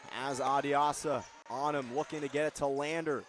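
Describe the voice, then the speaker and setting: A man giving live basketball play-by-play, calling plays quickly and shouting on the big moments. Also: medium pitch, fairly even intonation. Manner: rapid calls that rise to shouts on big plays. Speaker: play-by-play announcer.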